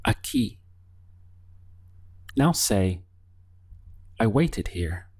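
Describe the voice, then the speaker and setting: Male language teacher, deep voice, unhurried, patient prompts with gaps for replies. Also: animated, darkish tone. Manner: slow, patient prompts leaving pauses to answer. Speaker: Spanish teacher. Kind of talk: language lesson.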